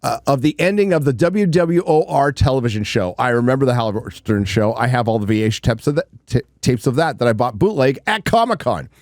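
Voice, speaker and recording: A man's voice: mid-range voice, lively intonation, brisk, hardly any pauses, a little mellow, dry recording, clean studio sound. A man hosting a livestream, giving blunt, rambling commentary and swearing casually. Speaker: livestream host.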